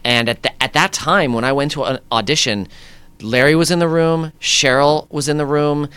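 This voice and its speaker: A man, an actor guest, telling lively anecdotes in a conversation, acting out what people said. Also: fairly high pitch, moderate pace, clear, resonant tone, no echo. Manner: lively anecdotes with acted-out quotes and laughs. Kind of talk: animated storytelling in conversation.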